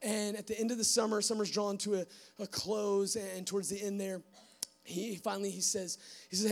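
A young man giving a church testimony to a live audience, animated and full of fillers, acting out bits of dialogue. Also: high-pitched, brisk, gravelly, faint music behind. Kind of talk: sermon testimony storytelling.

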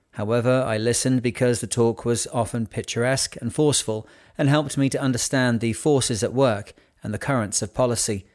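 Man calmly reading a novel aloud. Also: mid-range voice. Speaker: audiobook narrator. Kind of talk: scripted narration.

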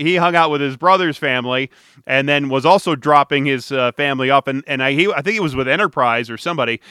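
A man's voice: a little high, sharp tone, smooth, no room sound, studio quality. A man hosting a podcast who tells stories casually, rambling and cutting himself off, with an amused tone. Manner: rambling, self-interrupting, amused. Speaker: podcast host. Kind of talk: casual storytelling monologue.

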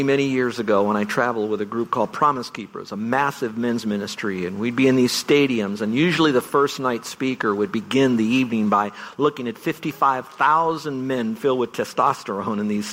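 An earnest male pastor preaching a farewell sermon in a middle-pitched voice. He talks at an unhurried pace and leans hard on key words. The sound carries a long church-hall reverb. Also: a bit bright. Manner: earnest, builds to emphatic bursts.

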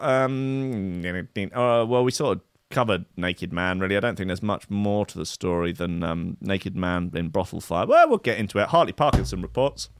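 Male podcast host with a smooth, dry voice, doing comedic news reading full of giggles. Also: fairly low pitch, no room sound. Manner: wry, giggly, mocking asides.

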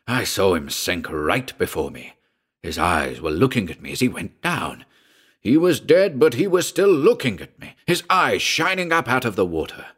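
A man voicing a weathered old sea captain, gruff and brooding, in a spoken story. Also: deep voice, moderate pace. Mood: agitated.

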